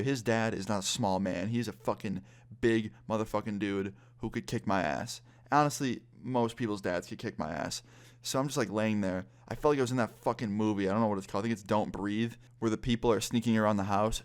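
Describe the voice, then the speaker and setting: A fairly low-pitched young man, about twenty, vlogs a casual storytime, swearing freely as he animatedly retells what happened.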